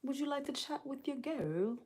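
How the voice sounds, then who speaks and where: A woman's voice: sits high, expressive, moderate pace, a little mellow, voice pushed up. A woman playfully faking a clumsy, exaggerated British accent. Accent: mock British.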